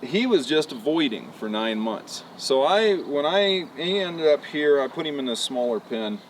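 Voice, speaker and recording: A man's voice: fairly high pitch, moderate pace. Guy explaining horse training out at a ranch, easygoing, lots of you know, mic kinda far off. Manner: folksy, relaxed, lots of "you know" fillers. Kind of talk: casual explanation on a walk-around. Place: outdoor ranch pen. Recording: distant outdoor mic, faint background noise.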